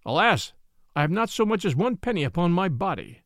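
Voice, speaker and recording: A man's voice: high-pitched, big pitch swings, brisk, a bit bright, no echo, clean studio sound, heavily acted. A man voicing a proud, wronged knight who pleads and then speaks sternly, in an old-fashioned storybook reading. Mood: pleading.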